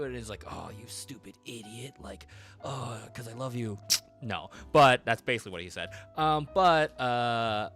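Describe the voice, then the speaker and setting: A man casually recapping a story while drawing on stream, rambling with many fillers and quick quoted voices. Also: on the low side, fairly bright tone. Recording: faint music behind.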